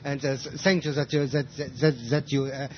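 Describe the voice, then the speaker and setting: A man who speaks German natively talks in halting, accented English as a radio guest, full of fillers and restarts. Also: medium pitch, little pitch movement, slight background noise. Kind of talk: casual radio chat. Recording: dull lo-fi radio broadcast.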